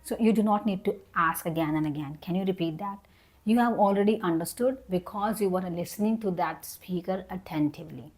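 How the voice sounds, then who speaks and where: A woman's voice: fairly low pitch, a little fast, hardly any pauses, darkish tone. A young adult woman teaching an online English lesson. She explains each point patiently, repeats herself and models example sentences.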